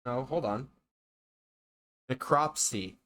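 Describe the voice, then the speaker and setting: A streamer reading a game aloud and chatting on a live stream, excitable and talkative. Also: medium pitch, slow pace. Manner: animated, exclaims and chatters between reading.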